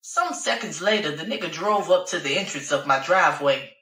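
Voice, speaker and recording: Sassy, profane woman narrator, bright and forceful, with a roomy recording. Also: sits low, expressive, moderate pace, far from the mic. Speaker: audiobook narrator. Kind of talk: first-person audiobook narration.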